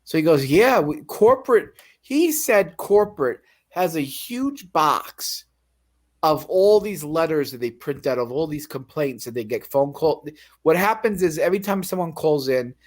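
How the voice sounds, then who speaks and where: A man's voice: on the high side, expressive, moderate pace. A man in casual chat, telling a story in a profane, ranting way. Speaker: guest telling his story.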